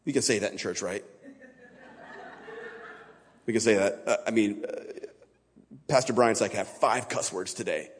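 A man's voice: on the low side, moderate pace, long pauses. A man giving an informal sermon as a guest speaker in a church, talking in a casual, plain-spoken, conversational way. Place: church sanctuary. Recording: long reverb of a large church hall.

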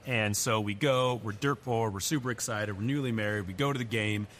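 A man in his forties, a pastor, telling a candid personal story with animated delivery during a church message. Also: on the low side, a little fast, a little hiss or hum.

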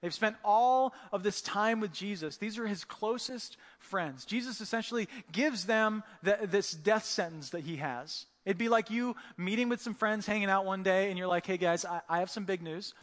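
A pastor delivers a sermon in an easy, conversational manner. He slips into other people's voices to act out the story. His voice sits high and rings out with the long reverb of a church hall. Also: moderate pace, few pauses. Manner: conversational, animated, acts out voices of the disciples and Jesus.

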